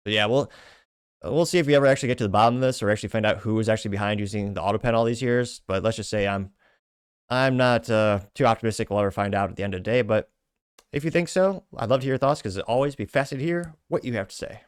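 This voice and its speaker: A man's voice: on the low side, quick pace, clean tone, no room sound, studio quality. A man hosting a commentary podcast, reading social media replies aloud with sardonic asides and frequent self-corrections. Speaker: show host.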